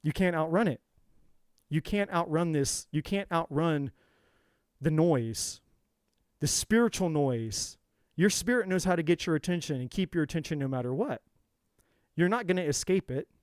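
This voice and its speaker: A man's voice: a little high, no echo, clean studio sound. A man giving a spiritual talk on a live tarot stream, preachy and profane, repeating words for emphasis. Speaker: tarot reader.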